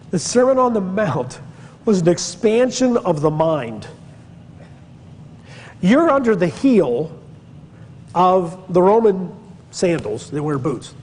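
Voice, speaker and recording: A man's voice: sits high, darkish tone, in a large hall, a little hiss or hum. A man from Pennsylvania teaching church history in a conversational lecture, digressing and stressing key words. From Pennsylvania, USA. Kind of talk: classroom-style Bible lecture.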